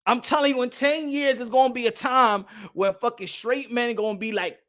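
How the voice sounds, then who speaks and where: Loud, animated New man. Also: very high-pitched, moderate pace. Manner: loud, animated, laughs a lot, swears. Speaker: boxing podcast host. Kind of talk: casual livestream rant.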